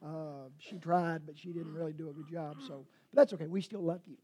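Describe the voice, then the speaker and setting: A man's voice: a little high, fairly even intonation, brisk, warm tone, husky. A man, a pastor preaching a sermon in a rambling, self-correcting way and teasing his congregation.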